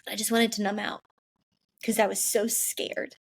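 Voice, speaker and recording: A young woman hosting a casual faith-based podcast, chatty and animated, with many "like" fillers. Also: medium pitch, measured pace, gravelly. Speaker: podcast host.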